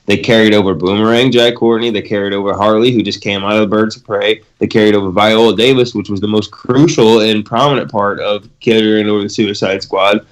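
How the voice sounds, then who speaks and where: A man co-hosting a podcast in animated, casual chat, talking fast and filling his speech with asides. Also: fairly low pitch. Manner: animated, talks over others, lots of fillers. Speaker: podcast co-host.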